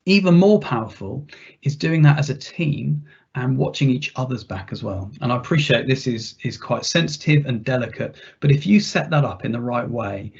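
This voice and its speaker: A man's voice: medium pitch, expressive, normal speed, gravelly, husky. A man presenting a workplace training webinar in a conversational way, with restarts and rhetorical questions. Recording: dull, muffled webinar audio.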